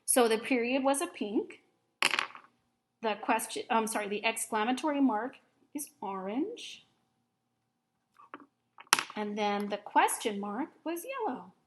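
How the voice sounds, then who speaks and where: A woman with a slightly high voice teaches a recorded grammar lesson for young students. She explains each step patiently and clearly. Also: expressive, takes it slowly, long pauses, background noise.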